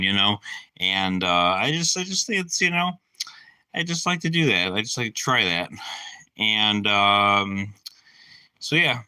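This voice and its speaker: Low-voiced, sharp-edged rambling man. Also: measured pace, dry recording. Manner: profane, filler-heavy, meandering. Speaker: channel host. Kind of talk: rambling casual monologue on a live stream.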